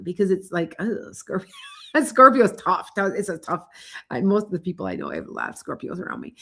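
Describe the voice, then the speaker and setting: A woman's voice: mid-range voice, a bit bright. Woman nearing sixty, livestream host, rambling chatter, starts and restarts. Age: 50s. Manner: chatty, rambling, self-interrupting. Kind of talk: casual livestream chat. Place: home livestream.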